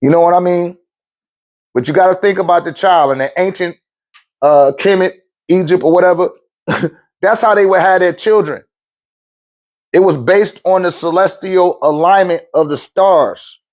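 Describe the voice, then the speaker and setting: His voice is high-pitched with a darkish tone, moving at a moderate pace and pausing often. He's a middle-aged spiritual talk show host in an easygoing, slangy storytelling monologue, chuckling frequently and acting out quoted voices.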